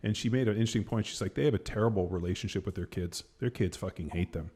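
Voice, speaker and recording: A man with a fairly low voice hosts a podcast in easy, casual chat. He rambles through a story, leaning on "like" and "you know" and dropping the odd curse word as he goes. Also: fast, mellow, husky. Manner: rambling storytelling, heavy fillers and swearing. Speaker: podcast host.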